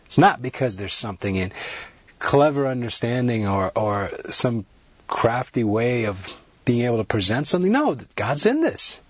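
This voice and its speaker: A man's voice: mid-range voice, moderate pace, slightly rough, dry recording. A man preaching a sermon to a broadcast audience, earnest and repetitive, building his points with rising emphasis. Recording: dry, dull lo-fi sound.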